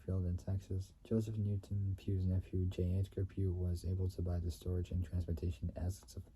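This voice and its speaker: A man reading company history aloud in a halting way. He stumbles, repeats and restates phrases, and often clears his throat. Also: deep voice, level tone, mellow, a little hiss or hum.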